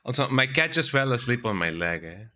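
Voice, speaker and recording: A man's voice: medium pitch, fairly quick. A man streaming a video game, talking casually to viewers as he plays and often ending sentences with "eh?". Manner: chatty, lively, tags sentences with "eh?". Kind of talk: casual gameplay commentary. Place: home, with a cat on his lap.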